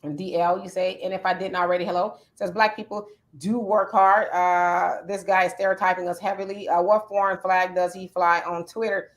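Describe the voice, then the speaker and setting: A woman's voice: on the low side, little pitch movement, moderate pace, few pauses. A woman hosting a casual talk show, speaking conversationally and reading listener comments aloud. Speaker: podcast host. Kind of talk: casual chat.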